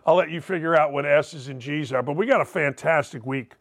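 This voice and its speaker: Male sports talk host, high pitch, brash rambling monologue. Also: a little fast, creaky. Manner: brash, rambling, punchy asides.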